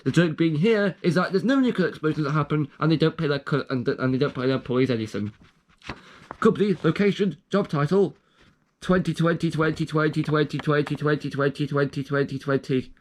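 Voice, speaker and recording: A man's voice: fairly high pitch, a little fast, a little hiss or hum. A young man casually reading out his own joke documents, rambling and trailing off with self-aware asides. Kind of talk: casual commentary.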